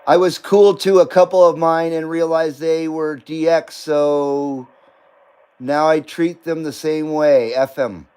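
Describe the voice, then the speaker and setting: A man's voice: on the high side, fairly even intonation, takes it slowly, darkish tone, clean tone. A middle-aged man hosting a live stream, chatting casually, joking and laughing often as he reads comments.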